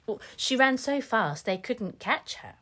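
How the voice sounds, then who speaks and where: A woman's voice: fairly high pitch, lively intonation, measured pace, fairly bright tone. A woman telling a children's story in a patient, playful way, dodging the listener's questions. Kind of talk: storybook reading.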